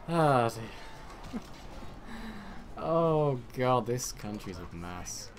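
A British man from the United Kingdom giving rambling, excitable game commentary with sarcastic asides. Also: mid-range voice, extremely slow, faint music behind. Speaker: let's play gamer.

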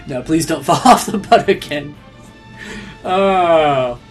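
A man's voice: on the high side, takes it slowly. A man casually coaching a friend through a video game, talkative and full of restarts. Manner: animated, chatty, with frequent restarts. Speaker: guide coaching the player. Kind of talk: casual let's-play banter. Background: game music.

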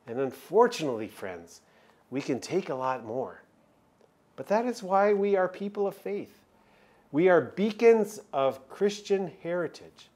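A man, preaching a sermon as chaplain, earnest and emphatic with dramatic pauses. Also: fairly high pitch, a little mellow.

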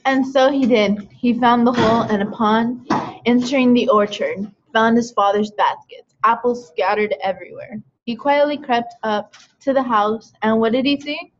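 Woman calmly reading a children's story. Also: on the high side, moderate pace, a little hiss or hum. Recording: dull lo-fi recording.

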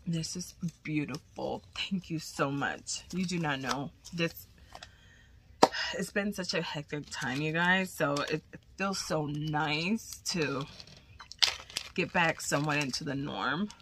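A woman's voice: low-pitched, takes it slowly, heavy background noise. A woman vlogger chatting casually and gushing as she unboxes crochet gifts, cursing now and then.

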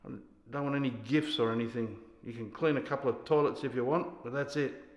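A man's voice: medium pitch, steady tone, brisk, close to an everyday voice. A man playing a drunk, bullying army sergeant. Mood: commanding. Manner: barking, insulting, commanding. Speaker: actor in a scene. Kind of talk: stage scene acting. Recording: echoey hall.

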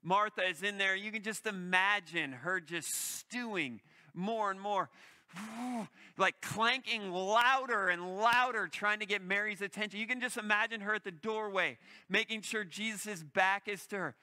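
High-voiced, bright male preacher. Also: unhurried. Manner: animated, vivid storytelling. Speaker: pastor. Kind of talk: sermon.

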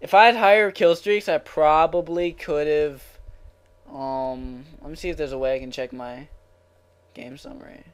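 A young man giving live commentary over his own video game match, swearing constantly, yelling in frustration, then muttering to himself. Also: on the high side, steady tone, measured pace, clean tone. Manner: swearing, swinging between raging shouts and muttering. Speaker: gaming channel host.

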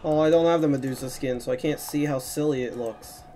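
A young man streaming a video game with friends, goofy and animated, chatting casually and laughing often. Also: medium pitch, a little fast. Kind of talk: casual gaming stream chat.

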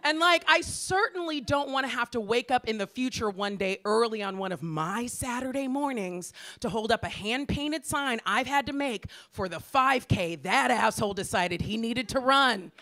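An American woman in her forties doing a stand-up comedy set, brash and profane, ranting in exasperation with sudden shouted outbursts. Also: on the high side, animated, moderate pace, hardly any pauses. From Los Angeles, US. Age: 40s.

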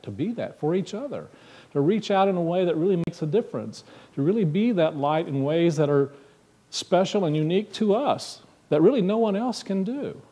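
A man's voice: fairly high pitch, mellow. A man preaching a sermon in a church, talking conversationally and asking the congregation questions. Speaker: minister. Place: church sanctuary.

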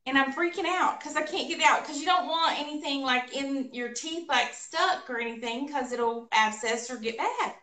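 Woman chatting on a live stream, high pitched, laughs a lot, roomy echo. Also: moderate pace, few pauses. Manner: animated, laughing storyteller. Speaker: co-host of a painting livestream. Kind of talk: casual storytelling chat. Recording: echoey room, voice a bit far from mic.

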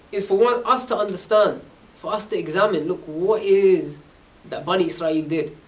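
A man giving an informal religious talk to young people, telling stories casually and checking in with a questioning "yeah?" after nearly every phrase. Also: high-pitched. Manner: casual, conversational storytelling. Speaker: religious speaker. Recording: distant from the mic.

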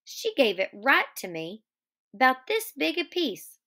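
A woman reading aloud gives voice to a big, simple-minded farmhand with a childlike earnestness. He speaks in a higher, louder register than her usual voice and pleads like an anxious child. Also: wildly swooping pitch, slow pace, exaggerated voice. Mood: eager.

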